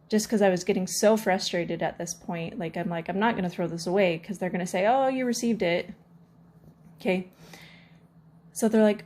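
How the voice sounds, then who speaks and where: A woman's voice: on the low side, moderate pace, darkish tone. A woman vlogger casually retelling a frustrating complaint story, with many fillers and acted-out quotes. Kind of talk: casual rant to camera.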